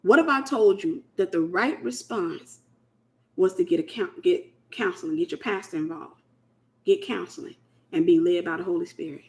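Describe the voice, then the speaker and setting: Her voice is on the low side and a little mellow, at a normal pace. She is a U.S. host giving a casual Christian teaching talk, speaking emphatically and colloquially and repeating her main phrases.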